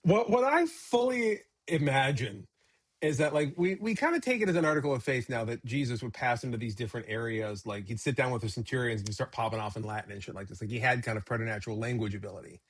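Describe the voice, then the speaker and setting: A man, a pastor co-hosting a casual Bible discussion, talking in an animated, joking way and acting out quotes in a raised voice. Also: medium pitch, quick pace, husky. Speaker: pastor and podcast co-host.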